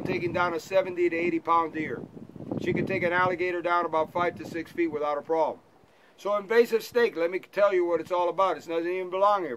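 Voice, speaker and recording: Out on a moving airboat in the wetlands, a high-voiced man guides a tour, teasing his passengers playfully and telling stories. A 360 camera mounted on the boat captured it in low quality, with loud wind and engine noise.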